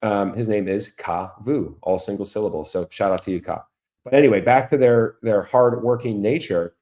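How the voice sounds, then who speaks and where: A man's voice: fairly low pitch, normal speed, dark tone. A middle-aged man from Florida hosting a podcast, talking to listeners in a chatty monologue and throwing them rhetorical questions. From Orlando, Florida. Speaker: podcast host. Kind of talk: casual monologue.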